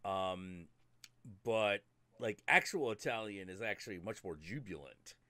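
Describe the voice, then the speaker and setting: A man's voice: on the low side, unhurried, no echo. A man hosting a live stream, chatting casually, swearing freely and slipping into mock voices. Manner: animated, profane, does mock voices. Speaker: host.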